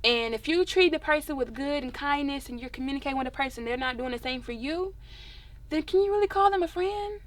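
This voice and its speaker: A young woman, a singer telling stories in a casual interview, expressive and animated. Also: high voice, a little fast. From Dallas, Texas.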